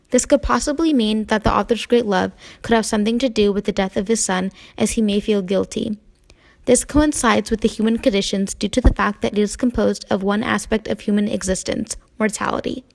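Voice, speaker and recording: A woman's voice: fairly high pitch, creaky. A young woman reading a prepared class analysis of a poem. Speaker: student presenter.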